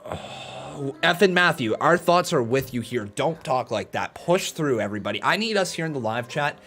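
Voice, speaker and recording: A man's voice: mid-range voice, lively intonation, normal speed, fairly bright tone. A man hosting a live watch-along stream in a casual, chatty way, greeting viewers by name and talking to them in an earnest, encouraging tone.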